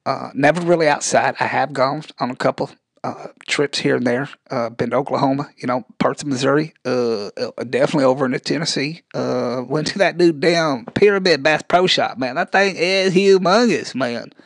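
A man's voice: mid-range voice, normal speed, no room sound, natural voice. A man playing a scrawny, touchy rural character, who rambles and drawls and keeps saying "man". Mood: defensive. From rural Arkansas. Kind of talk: comedic character interview.

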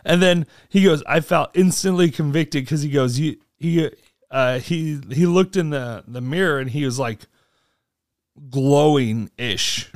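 Podcast co-host, man, higher voice, lively storyteller who acts out quotes; dry, close recording. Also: a little slow, dry recording. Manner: animated, acts out quotes with big pitch jumps. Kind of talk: casual storytelling chat.

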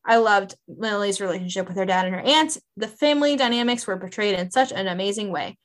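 A woman's voice: medium pitch, brisk. A woman in her twenties co-hosting a book podcast, chatting in a bubbly, self-mocking way. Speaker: podcast co-host. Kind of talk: casual book chat, reading listener emails aloud.

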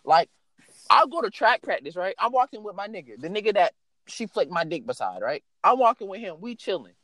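A young man telling a story in a casual, animated way, swearing freely and filling his speech with "like". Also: high-pitched, brisk, dry recording. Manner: animated, profane, lots of fillers.

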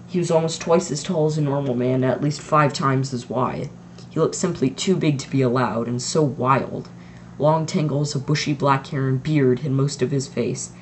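A teenage reader from the US narrating a homemade audiobook in a plain, unpolished voice. A faint hiss runs under the recording. The reader sometimes breaks off to criticise their own reading. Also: medium pitch. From United States. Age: teens.

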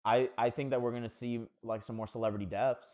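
Fast-talking young man, casual podcast chat. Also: medium pitch, steady tone, a little mellow. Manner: joking, slips into silly accents. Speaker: podcast co-host.

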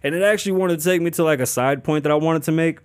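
A man's voice: on the high side, fast, clear, resonant tone, no echo, clean studio sound. A man hosting a podcast, riffing on news in a casual, profane, joking way. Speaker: podcast host. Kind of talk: casual commentary.

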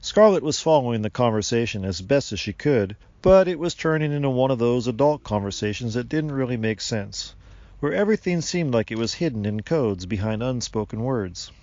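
Man calmly narrating a storybook. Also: medium pitch, brisk, no room sound, highs cut off.

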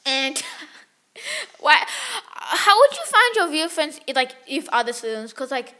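Bright high-voiced giggly young woman. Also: very animated, measured pace. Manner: giggly, recites verse playfully. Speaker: book podcast co-host. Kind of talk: casual chat.

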